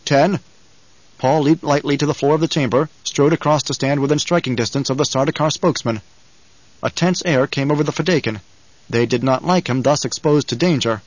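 A man reading scripted audiobook narration in a measured, dramatic way. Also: mid-range voice, no echo, highs cut off.

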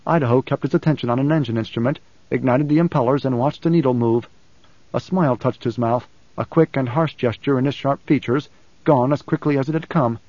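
A man reading a novel aloud in steady, even audiobook narration on a close mic. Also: medium pitch, brisk, dry recording. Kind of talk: scripted narration. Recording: slightly dull dry studio recording.

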